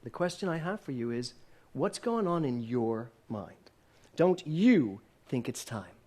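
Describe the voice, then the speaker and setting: A man's voice: medium pitch, big pitch swings, a little slow, a little mellow. A man in his sixties giving a sermon to a congregation, posing many questions and joking with the room. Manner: asks the congregation many questions, playful and laughing at times. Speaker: minister. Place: church hall with a congregation.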